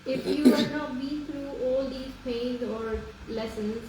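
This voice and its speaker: A woman's voice: sits high, slow, over a noisy crowd. A woman guest in casual chat, speaking hesitantly with many fillers. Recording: very echoey room with noise.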